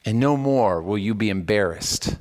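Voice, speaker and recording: A male pastor preaching a sermon in a church. He swings between raised, emphatic lines and low, solemn ones, with casual asides between scripture readings. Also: moderate pace, in a large hall. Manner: animated preaching with wide swings in pitch and loudness, dropping low on solemn words. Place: church sanctuary.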